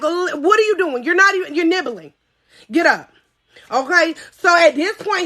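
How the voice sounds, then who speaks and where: Live storytime host, woman, 30s, very high bright voice, loud outbursts and hushed asides. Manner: animated, swings from loud cries to low asides. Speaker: podcast storyteller.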